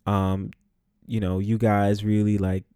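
Taking it slowly, a young man from the Bronx, New York, tells a laid-back, profane story on his podcast, laughing often. His voice is lowish, warm and smooth with little pitch movement, and the studio-quality recording has no echo.

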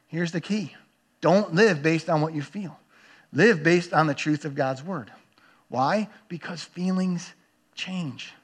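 A man's voice: a little high, slow pace, breathy edge. A man preaching a sermon as a pastor, earnest and emphatic, repeating phrases for weight.

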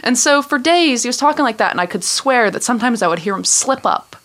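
A woman with an American accent, co-hosting a casual podcast chat and telling a story with lively laughter. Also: on the high side, fast. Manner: animated storytelling, laughs often. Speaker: podcast co-host.

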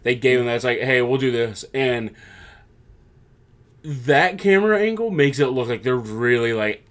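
Man, casual co-host chat, rambling, animated, lots of fillers, mid pitch. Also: normal speed. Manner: rambling, animated recapping with frequent fillers and restarts. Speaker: podcast co-host.

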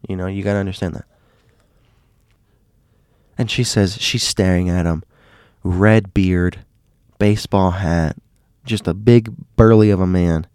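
A man's voice: low voice, darkish tone, no echo, studio quality. A man casually retelling a spooky story in a dramatic way, often asking rhetorical questions.

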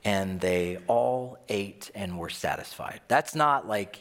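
Animated preacher in a reverberant hall. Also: male voice, fairly low pitch, slow. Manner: conversational, animated, acts out dialogue. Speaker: pastor. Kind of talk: sermon. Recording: long reverb of a large hall.

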